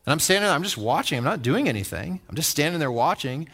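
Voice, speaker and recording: Animated, bright-voiced male preacher. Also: fairly high pitch, a little fast. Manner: animated storytelling that acts out voices; conversational, asks the audience questions. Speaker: pastor. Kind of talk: sermon.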